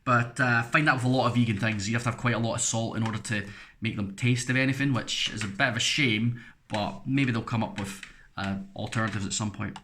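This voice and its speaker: A man's voice: medium pitch, fairly even intonation, fairly quick, pushed and bright, slight background noise. An English man giving a casual, frank food review, rambling through chatty asides as he tastes.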